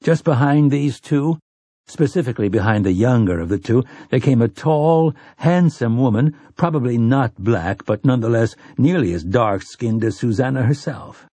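A man narrating a novel in steady, unhurried audiobook style. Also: mid-range voice, no echo. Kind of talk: scripted narration.

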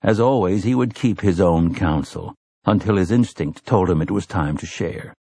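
A man reading a novel aloud as an audiobook narrator, expressive and shifting between character voices. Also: deep voice, moderate pace, slightly rough, dry recording, studio quality. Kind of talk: scripted narration.

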